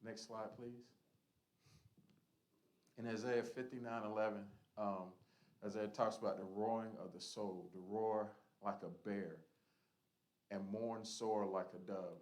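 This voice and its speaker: A man's voice: lowish voice, fairly even intonation, a little slow, darkish tone, poor audio. A man leading a church Bible study, teaching in an earnest, emphatic, conversational way.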